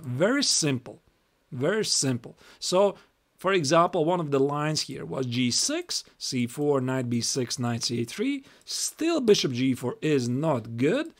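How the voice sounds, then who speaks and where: Chatty Latvian man teaching chess on stream. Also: on the high side. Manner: chatty, repeats phrases, reads moves aloud. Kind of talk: live-stream chess lesson.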